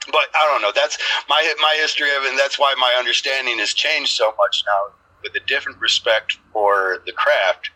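A man's voice: mid-range voice, normal speed, pushed and bright, rough recording. A man telling rambling stories in a casual podcast chat, swearing freely.

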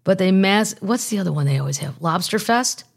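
A woman's voice: medium pitch, animated, fairly quick, creaky, slightly rough. A woman hosting a podcast, chatting casually and reading news aloud with jokey asides. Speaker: podcast host. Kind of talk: casual comedic chat.

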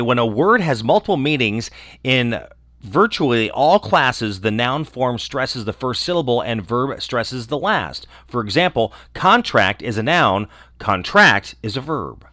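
A man reads a rapid rundown of celebrity and trivia news with a casual, chatty touch. His voice sits at an ordinary middle pitch. The sound is dry and close, with no room echo. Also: a bit bright. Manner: brisk, informal delivery with asides. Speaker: entertainment news host. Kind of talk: reading quick entertainment news items.

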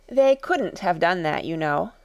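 A woman voicing a curious, polite young girl who is earnest and quick to take offence, in a storybook reading. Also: fairly low pitch, expressive, clean tone, no echo. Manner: earnest, easily offended, then humble.

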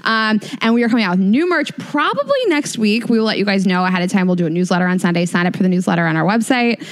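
A woman co-hosting a podcast, chatting casually and telling stories in an animated way. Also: mid-range voice, quick pace. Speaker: podcast co-host. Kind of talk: casual chat.

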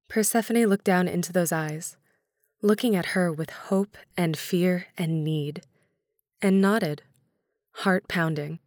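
A woman narrating a story in a measured, gentle reading. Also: lowish voice, no room sound, clean studio sound.

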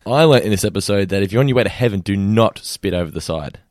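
Fast-talking podcast co-host. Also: male voice, fairly low pitch, expressive, darkish tone, dry recording, clean studio sound. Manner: quick, runs a trivia segment with many restarts. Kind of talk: casual chat.

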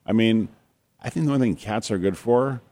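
A man who works as a doctor, co-hosting a podcast and talking in a relaxed, joking way. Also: fairly low pitch, brisk. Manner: relaxed, conversational, prone to pranks and jokes. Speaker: physician podcast co-host. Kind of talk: casual chat and storytelling.

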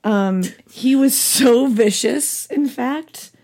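A woman co-hosting a casual true-crime podcast, hoarse, with vocal fry, chatty and given to swearing. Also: on the high side, very slow, a little mellow. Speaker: podcast co-host.

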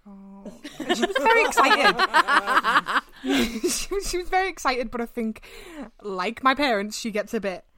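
A young woman, hosting a podcast and telling stories in casual, animated, sweary chat. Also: sits high, a little slow. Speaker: podcast host.

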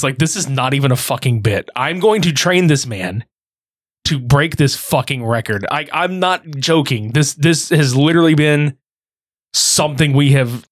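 A man's voice: mid-range voice, no room sound, studio quality. A man hosting a podcast, telling a story in casual, profane chat. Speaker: podcast host.

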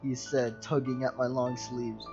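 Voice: medium pitch, flat delivery, unhurried, darkish tone, dull audio, soft background music. A casual co-host reading scary internet stories aloud, stopping often to joke and laugh. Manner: giggly, interrupts himself to joke. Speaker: story reader, co-host. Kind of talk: casual comedic story reading.

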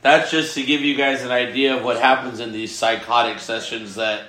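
A man's voice: medium pitch, fairly even intonation, moderate pace, pushed and bright, echoey room, low-quality recording. A man co-hosting a podcast, laid-back and profane in casual chat. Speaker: podcast co-host.

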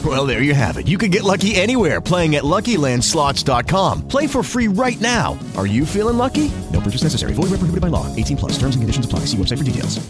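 A woman announcer reading a bright, upbeat radio ad that rushes through legal disclaimers. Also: low-pitched, big pitch swings, pitched above the performer's own voice. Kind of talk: casino radio ad read. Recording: ad spot with loud music bed.

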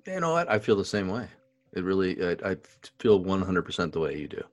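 A very deep-voiced man co-hosts a casual podcast. He talks in an animated, chatty way and laughs often. His voice sounds dry and close, with no room around it. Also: brisk, no room sound. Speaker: podcast co-host, expectant father. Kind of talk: casual chat.

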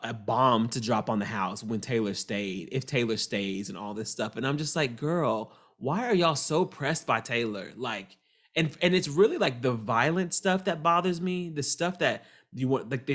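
A man co-hosting a casual chat about reality TV, animated and sassy, slipping into mocking quotes. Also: mid-range voice. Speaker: podcast co-host.

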